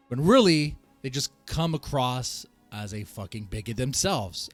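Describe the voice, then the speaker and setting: A man streaming a video reaction, ranting and swearing in a heated, animated way and laughing at himself. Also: mid-range voice.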